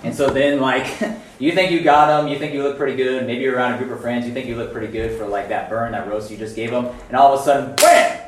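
Casual youth preacher, male, lively and chatty, mic a bit far off, echoey room. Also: medium pitch, quick pace, a little hiss or hum. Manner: conversational, animated, frequent "right?" and "guys". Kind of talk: casual sermon.

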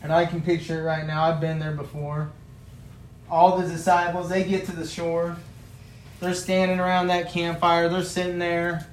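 A man's voice: on the high side, completely flat delivery, normal speed, reverberant, slight background noise, low-quality recording. A male preacher giving a sermon, retelling a story in a folksy, vivid way and building to passionate emphasis.

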